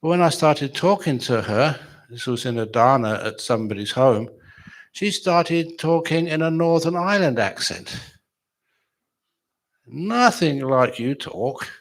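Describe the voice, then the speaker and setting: A man's voice: medium pitch, lively intonation, a little slow. A man giving a chatty, humorous dharma talk at a retreat, telling stories and laughing with his audience. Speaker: meditation teacher.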